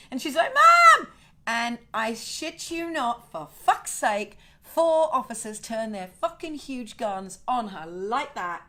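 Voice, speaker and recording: A middle-aged woman hosting a casual home livestream, telling a story in an indignant, sweary, animated way. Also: on the high side. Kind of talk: casual chat to viewers.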